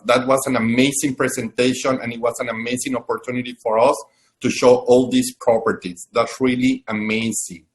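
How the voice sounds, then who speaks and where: A man's voice: mid-range voice, flat delivery, brisk. A man hosting a live video-call webinar, talking with effusive enthusiasm and frequent restarts. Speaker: webinar host.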